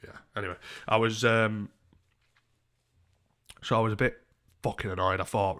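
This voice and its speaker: A young man with a fairly low voice tells a story on a live stream. He rambles, swears freely and stays animated throughout, talking casually to his viewers. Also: normal speed, long pauses.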